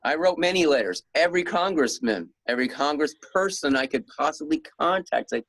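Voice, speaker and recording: A man's voice: on the high side, lively intonation, fairly quick, hardly any pauses, fairly bright tone, dry recording, poor audio. A middle-aged man being interviewed as an author, rambling in a casual way with frequent chuckles and restarts. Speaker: guest author.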